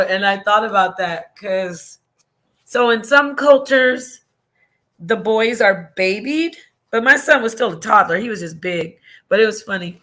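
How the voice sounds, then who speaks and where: A woman's voice: mid-range voice, unhurried, bright, forceful tone. A woman hosting a casual livestream and reading viewer comments, talking in a rambling, emotional way with laughs and restarts.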